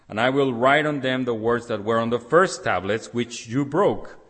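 Husky preacher in a reverberant hall. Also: male voice, mid-range voice. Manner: emphatic, rises loud on scripture readings, drops soft for appeals. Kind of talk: sermon. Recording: long reverb of a large hall.

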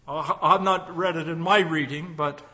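High-voiced fervent male preacher. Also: steady tone, normal speed, big-room sound. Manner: fervent, swings from loud cries to hushed lines. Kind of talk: sermon with closing prayer.

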